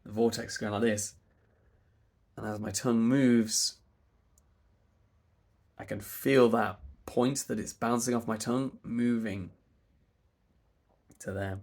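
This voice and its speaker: A man with a British RP accent and a stuffy nose, coaching pronunciation by stretching vowel sounds very slowly. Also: mid-range voice, steady tone, a little mellow. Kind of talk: slow demonstration of vowel sounds.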